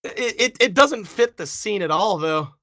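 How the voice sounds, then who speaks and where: A man co-hosting a podcast, chatting casually in a giggly, playful, teasing way, his voice hoarse. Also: high-pitched, expressive, a little slow, bright, forceful tone. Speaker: podcast co-host. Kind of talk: casual chat.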